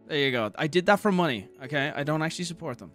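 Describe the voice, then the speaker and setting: A young man talks loosely while he plays a game on a livestream, swearing freely and joking with his chat. His voice sits a little high for a man. Faint music runs underneath the talk. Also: expressive, fast, a bit bright. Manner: chatty and profane, thanks viewers, jokes. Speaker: streamer.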